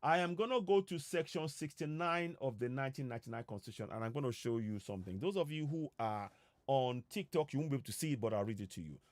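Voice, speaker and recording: A man with a Nigerian accent giving an earnest civic talk on a live stream, emphatic and pausing often with fillers. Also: medium pitch, animated, no echo. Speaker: civic educator. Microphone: streaming setup.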